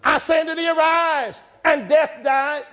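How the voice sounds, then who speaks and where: A man preaching a sermon in a church, rhythmic and repetitive, rising from quiet reflection to shouted climaxes. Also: extremely high pitch, fairly even intonation, measured pace, lo-fi sound.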